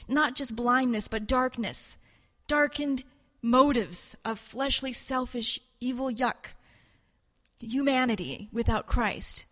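A woman's voice: on the high side, fairly bright tone. Earnest woman teaching in a reverberant hall. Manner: earnest, halting, acts out voices of biblical figures. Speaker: Bible teacher. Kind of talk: informal sermon teaching.

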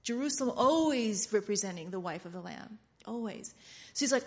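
A woman preaching a sermon in an animated way, laughing often and acting out quoted lines. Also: mid-range voice, brisk.

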